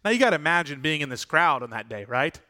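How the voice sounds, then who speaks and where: A man's voice: on the high side, very animated, fast talker, sharp tone. A male pastor preaching a sermon in an earnest, conversational way, often asking the congregation rhetorical questions.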